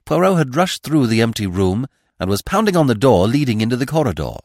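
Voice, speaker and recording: A man narrating a classic mystery novel as a podcast reader, in a measured, expressive storytelling manner. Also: medium pitch, dry recording, clean studio sound. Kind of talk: audiobook reading of a classic mystery.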